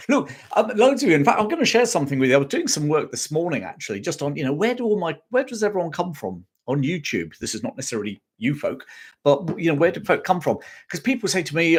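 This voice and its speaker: A man's voice: on the high side, husky. A man hosting a live history chat stream, reading out viewer comments in a chatty way, with many ums and restarts.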